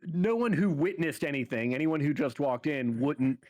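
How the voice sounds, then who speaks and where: A man's voice: on the high side, expressive, moderate pace, darkish tone, dry recording. A man playing a tabletop role-playing game, easygoing, asking questions about the scene. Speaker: player. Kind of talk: casual tabletop play.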